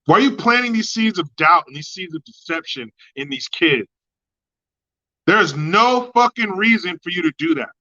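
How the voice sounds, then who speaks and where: Profane, ranting male streamer, bright voice. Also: lo-fi sound. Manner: profane, mocking, swings between loud outbursts and low mutters. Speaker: livestream host. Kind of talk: ranting commentary, reading chat.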